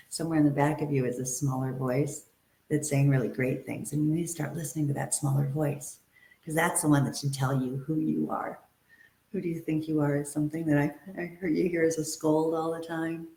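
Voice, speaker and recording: A woman's voice: sits low, moderate pace, darkish tone, roomy sound. A woman acting and modeling coach giving an upbeat, motivational webinar talk, stressing and repeating her key points.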